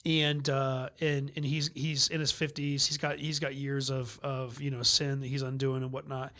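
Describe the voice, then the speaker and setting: A man, a pastor guest on a podcast, telling stories in lively casual conversation with quick asides and easy laughter. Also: mid-range voice. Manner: animated storyteller, quick asides and restarts, laughs easily.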